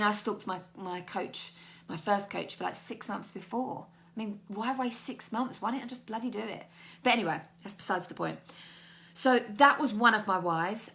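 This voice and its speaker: A woman's voice: mid-range voice, vocal fry, a bit bright. A young British woman, a life coach, talking candidly and chattily to her viewers in a motivational video. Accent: British English. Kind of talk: motivational talk to camera.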